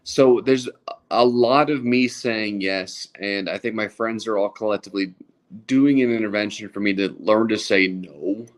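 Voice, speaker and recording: A man in his thirties with a lowish voice talks in a casual podcast chat. He stumbles through fillers and restarts, and his humor is dry and self-deprecating. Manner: halting, many fillers and restarts. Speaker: stand-up comedian guest.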